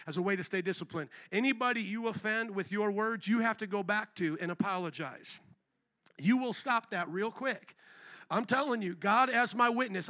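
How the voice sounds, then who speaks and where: Male pastor, high bright voice, animated storyteller preaching in church. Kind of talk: sermon. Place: church sanctuary.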